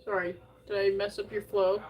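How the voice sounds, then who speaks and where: A woman livestreamer in casual chat, often talking softly to her dog. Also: medium pitch, flat delivery, normal speed, slight background noise.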